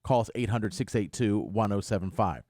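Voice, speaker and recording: A man's voice: on the low side, moderate pace, no room sound. A man hosting a morning radio show, telling a story in casual studio chat and acting out the quotes. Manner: animated storyteller who acts out quotes. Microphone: studio microphone.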